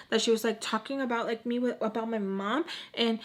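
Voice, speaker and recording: A young woman with a high, fairly bright voice talks a little fast with fairly even intonation and hardly any pauses. In a casual storytime vlog she chats along, saying "like" constantly, dropping in Spanish phrases, and acting out the people in her story with voice changes.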